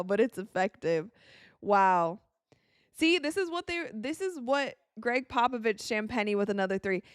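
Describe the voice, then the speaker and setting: An excitable woman from the United States giving casual live commentary while watching a game, tired and yawning, with quick reactions and frequent laughs. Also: fairly high pitch, dry recording, clean studio sound. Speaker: live-stream sports commentator.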